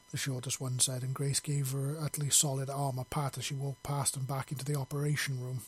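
A man narrating a story in a steady, plain reading voice. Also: medium pitch, fairly quick, husky.

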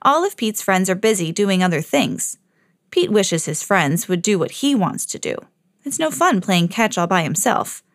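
A woman hosting a children's podcast, reading a picture book aloud in a clear storytelling voice. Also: medium pitch, sing-song, normal speed, no room sound, clean studio sound.

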